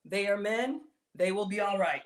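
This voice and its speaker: A woman's voice: medium pitch, moderate pace. A woman chatting casually while hosting a live cooking stream, reading viewer comments aloud and laughing often. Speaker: livestream cooking host.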